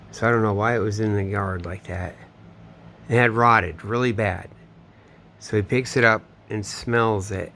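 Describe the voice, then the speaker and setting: A man's voice: on the low side, a bit bright, slight background noise. A man telling a long, meandering personal story, swearing often and trailing off mid-sentence. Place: home in Florida.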